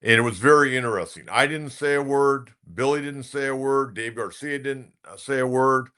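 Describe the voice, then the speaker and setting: A man's voice: mid-range voice, normal speed, bright, forceful tone, clear, resonant tone. A middle-aged man, a sports talk radio host, telling a rambling baseball anecdote in casual commentary.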